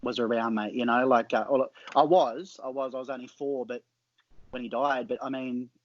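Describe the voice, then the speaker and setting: A man's voice: medium pitch, fairly even intonation, normal speed, no room sound, lo-fi sound. A man hosting a podcast, chatting informally and enthusiastically. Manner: enthusiastic, informal, says mate often. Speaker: podcast host. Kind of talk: casual interview chat.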